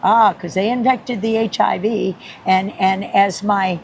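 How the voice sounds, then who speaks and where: A woman guest on a podcast telling a story in an animated, rambling way, laughing often and acting out the people she quotes. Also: mid-range voice, a little slow, creaky, a little hiss or hum, low-quality recording. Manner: rambling with many restarts.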